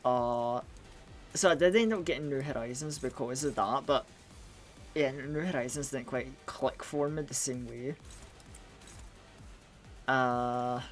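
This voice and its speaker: A man's voice: medium pitch, measured pace, long pauses, soft background music. A man streaming a game, chatting casually and rambling with lots of restarts while groggy from a cold. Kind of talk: casual live gaming stream chat.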